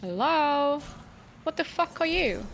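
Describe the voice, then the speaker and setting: A playful woman streamer with a fairly high voice, bantering with chat and yelling at enemies while she plays. Her casual, chatty commentary runs over a faint hum of room ambience. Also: expressive, takes it slowly. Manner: swears casually and exclaims at enemies. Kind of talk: casual gaming livestream commentary.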